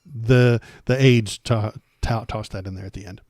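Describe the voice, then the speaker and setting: A man with a fairly low voice hosts a political livestream, recorded close and dry. He rambles sarcastically, stumbling over restarts and fillers as he riffs. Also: steady tone, moderate pace, darkish tone, no room sound. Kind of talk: casual political commentary.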